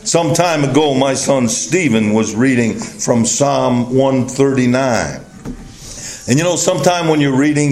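An older man preaching a sermon as a pastor, telling personal stories slowly and deliberately with chuckles, recorded on old tape. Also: mid-range voice, lively intonation, darkish tone. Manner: slow, deliberate, storytelling with chuckles. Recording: echoey hall, faint noise, old tape.

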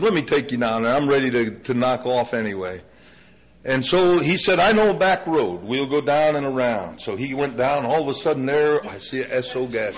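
High-voiced older man preaching. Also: low-quality recording. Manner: animated storytelling, pitch drops low for emphasis. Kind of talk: sermon with personal story.

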